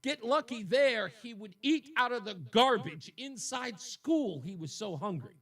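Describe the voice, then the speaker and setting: A man's voice: very high voice, animated, measured pace, fairly bright tone, far from the mic. A man hosting a talk radio show, delivering an indignant, emotional monologue that repeats points for emphasis.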